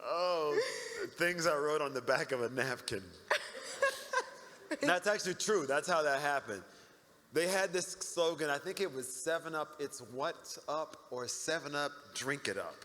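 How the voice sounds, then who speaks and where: A middle-aged man, a guest at a convention panel, telling animated stories and acting out the people in them. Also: on the high side, measured pace, slight background noise. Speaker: interview guest. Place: large convention hall. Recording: reverberant hall.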